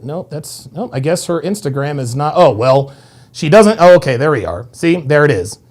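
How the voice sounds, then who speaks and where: A man with a fairly high voice that swoops up and down hosts a reaction video. He comments in a casual, crude way and talks in quick bursts. He sounds animated throughout.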